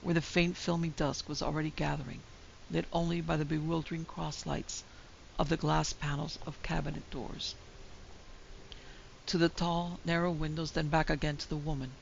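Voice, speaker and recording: A woman narrating a classic ghost story in a measured, steady storytelling voice. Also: sits low, vocal fry, slight background noise. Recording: dull lo-fi recording.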